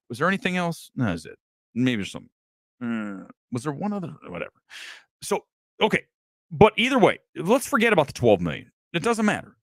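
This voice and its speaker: Animated, profane live-stream host, male. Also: mid-range voice, no echo. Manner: profane, animated, talks directly to chat. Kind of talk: casual live-stream rant.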